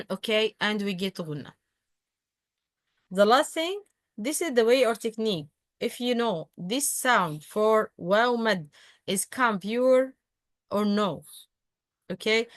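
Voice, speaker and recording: A woman's voice: medium pitch, no echo. Arabic-speaking lady teaching recitation online, patient, lots of uh's, dry close sound. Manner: patient, repeats examples slowly, many hesitations. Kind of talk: online tajweed lesson.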